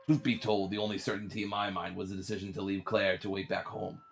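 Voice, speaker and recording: A man in a put-on pirate accent voicing a solemn old-time pirate captain as he reads journal entries aloud in a low, formal way. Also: level tone, creaky, a little hiss or hum. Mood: grave. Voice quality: low, measured and grandly formal.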